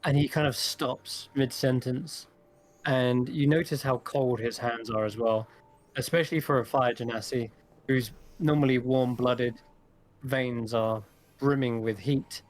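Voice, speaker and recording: A man's voice: mid-range voice, fairly even intonation, unhurried. A man running a tabletop role-playing game as game master, describing scenes in detail and laughing easily.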